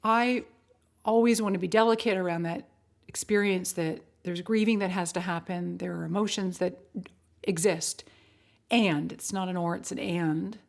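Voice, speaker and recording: A woman talking as a podcast guest, animated and chatty, with many fillers and quick bursts of speech. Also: lowish voice, gravelly. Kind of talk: casual interview chat.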